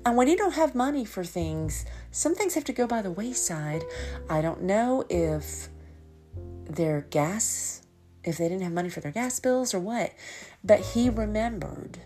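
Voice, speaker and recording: A woman's voice: mid-range voice, animated, measured pace, dark tone, faint music behind. A middle-aged woman, hosting a podcast and telling rambling stories with frequent laughs. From American South. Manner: chatty, rambling, laughs often. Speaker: podcast host. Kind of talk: casual storytelling monologue.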